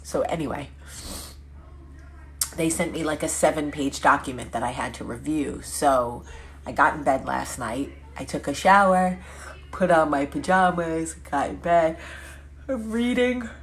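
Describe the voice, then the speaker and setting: Woman, low-pitched voice, chatty vlog host, rambling asides, self-corrections. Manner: chatty storytelling with quick asides; lively, laughing, self-correcting. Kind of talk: casual chat.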